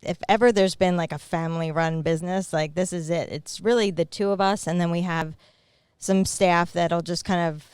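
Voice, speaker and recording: Chatty woman with a crisp clear voice. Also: on the low side, steady tone, normal speed, a little mellow, no echo. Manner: chatty storyteller with many fillers. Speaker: podcast guest, bakery co-owner. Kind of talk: casual chat.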